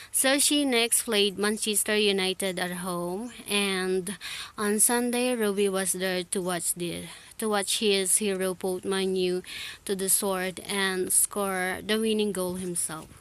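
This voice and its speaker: A woman with a Filipino accent reading a novel aloud as English practice, slow and halting, often restarting and correcting herself. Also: mid-range voice, a bit bright.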